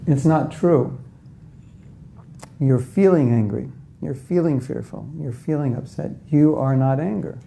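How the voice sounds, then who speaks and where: A man's voice: medium pitch, unhurried, gravelly, dark tone, slight background noise. A man giving a conversational spiritual talk to a live audience, often asking them questions and acting out inner voices. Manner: acts out inner voices in quotes. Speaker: spiritual teacher.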